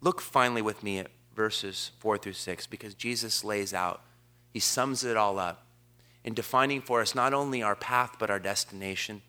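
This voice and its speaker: A man preaching a sermon, quoting scripture in a measured cadence and building to slowed, emphatic declarations. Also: on the low side, sharp tone. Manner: impassioned preaching. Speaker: pastor.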